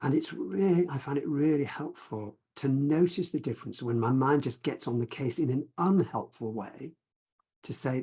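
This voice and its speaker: A man teaching mindfulness on a video call, talking in a gentle, reflective way and guiding a short practice. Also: mid-range voice, moderate pace, breathy edge. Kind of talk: teaching talk with guided practice.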